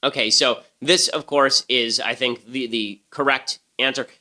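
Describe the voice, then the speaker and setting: A man's voice: medium pitch, steady tone, a little slow, sharp tone. A man hosting a political podcast, delivering commentary in a punchy, sarcastic way. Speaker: podcast host.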